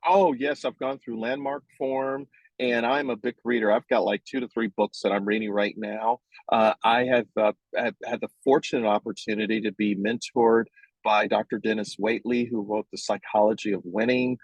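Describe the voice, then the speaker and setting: A man as an interview guest, agreeable and quick to affirm, talking casually about his personal growth. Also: fairly low pitch, flat delivery, no room sound, low-quality recording. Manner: agreeable, gives frequent affirming yeses.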